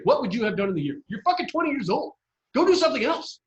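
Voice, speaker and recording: A high-pitched man co-hosting a podcast, ranting excitably and swearing a lot. His pitch swings widely as he gets fired up. The room around him sounds echoey. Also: fast, dull audio, a little hiss or hum. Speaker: podcast co-host. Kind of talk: casual podcast chat.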